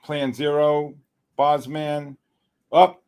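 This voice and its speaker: Excitable middle-aged man, live trading host. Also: fairly high pitch, very slow, smooth. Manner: excitable, loud outbursts and joking exasperation. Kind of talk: live-stream trading commentary.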